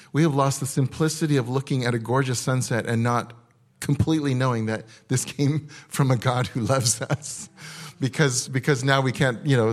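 Male pastor, live church sermon, chatty and digressive, middle pitch, frequent asides. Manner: conversational and digressive, with quick asides. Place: church service.

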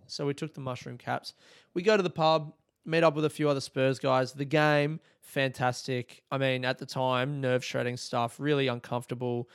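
An Australian man in his thirties tells a rambling, sweary story on his comedy podcast and pokes fun at himself as he goes. His voice is smooth and resonant and sits in a middle register. The recording is dry and close, with no room sound. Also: medium pitch, normal speed, no room sound. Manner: animated, sweary, self-mocking. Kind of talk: casual storytelling monologue.

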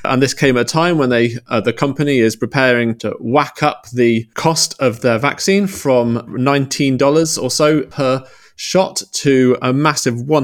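A male news editor explains the week's stories at a mid pitch. He pauses often with small hesitations as he works through each point. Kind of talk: news roundup in conversation.

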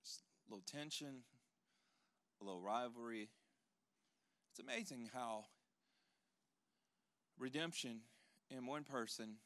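Speaking with a voice on the low side, a male pastor delivers an animated sermon. He moves between loud proclaiming and quiet, hushed moments, with jokes aimed at the congregation.

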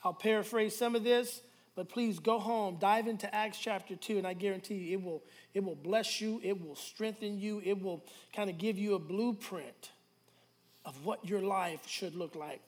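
This man leads a sermon as pastor, his congregation calling back to him as he alternates soft and loud, drawn-out phrases. He has a high voice.

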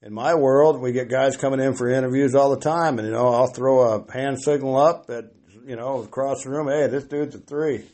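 A man's voice: medium pitch, steady tone, a little fast, few pauses, darkish tone. Rambling self-deprecating man. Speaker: podcast guest. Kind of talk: casual podcast chat.

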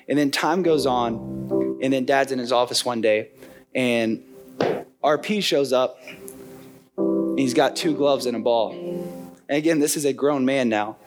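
A man's voice: medium pitch, measured pace, pauses often. Earnest young man preaching over guitar. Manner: earnest, conversational, acts out quoted voices. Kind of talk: sermon with storytelling. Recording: soft guitar music behind.

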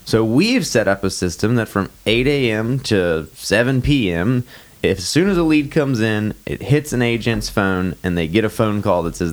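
A man's voice: on the low side, lively intonation, moderate pace. A man co-hosting a podcast, explaining a sales point in casual chat and asking rhetorical questions. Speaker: podcast co-host.

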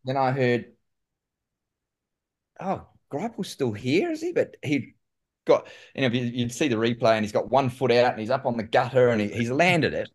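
A man with a New Zealand accent, a guest telling lively stories in casual conversation and saying "mate" often. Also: mid-range voice, a little fast. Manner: animated, says "mate" often. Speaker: guest, former pro cyclist. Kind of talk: casual storytelling.

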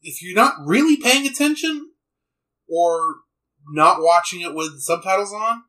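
A man co-hosting a podcast, chatting casually and rambling with quick asides and restarts. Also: high-pitched, lively intonation, sharp tone, low-quality recording. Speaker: podcast co-host. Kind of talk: casual chat.

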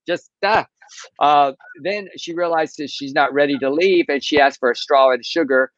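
A man's voice: medium pitch, expressive, normal speed, a bit bright, no echo. Gossipy man co-hosting a casual chat. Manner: gossipy, laughs while telling stories. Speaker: podcast co-host. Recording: dull lo-fi sound.

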